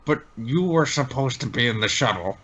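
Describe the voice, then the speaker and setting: A man's voice: medium pitch, lively intonation, a bit bright, slightly rough. A man playing a tabletop game, speaking hesitantly with stops and restarts. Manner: hesitant, halting. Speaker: player. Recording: dull lo-fi with faint noise.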